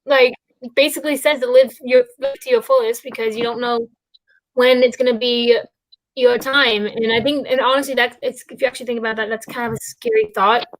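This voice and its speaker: A high-pitched woman talks loosely as a host, drifting between thoughts and circling back with plenty of fillers. Her delivery is relaxed and conversational, like an easygoing chat among friends. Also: a little fast. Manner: rambling, many fillers and restarts. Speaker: podcast host. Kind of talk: casual chat about musicals.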